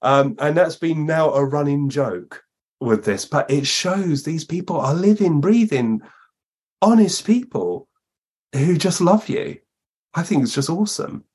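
Husky man telling lively stories. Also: a little high, measured pace. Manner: lively anecdotes, acts out quoted voices. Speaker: guest medium. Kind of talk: storytelling in a podcast interview.

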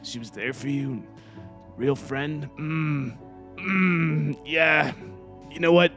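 A man's voice: on the high side, slow pace, a bit bright, soft background music. A man playing a tabletop role-playing game, apologetic and self-deprecating as his character, laughing at himself. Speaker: player voicing a character. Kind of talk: improvised tabletop role-play.

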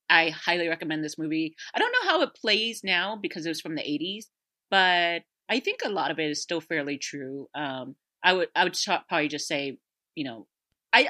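A woman chatting casually about a film she loves, rambling with lots of fillers and frequent laughter. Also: sits low. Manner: rambling, animated, laughs often, many fillers. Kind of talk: casual chat, movie recommendation.

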